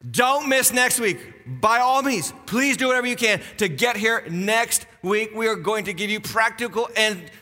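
A middle-aged man, a lead pastor, preaching a sermon in a church with animated jokes and repeated key phrases. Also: high voice, moderate pace, hardly any pauses. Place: church auditorium. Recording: long church reverb.

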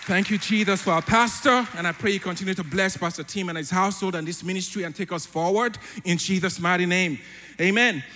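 A man's voice: high-pitched, fairly quick, long reverb tail, soft background music, a faint crowd. A man with a mixed African and British accent, a church elder preaching a sermon and praying aloud with fervor. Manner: fervent, rising to loud declarations in prayer. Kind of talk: sermon with spoken prayer. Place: church hall.

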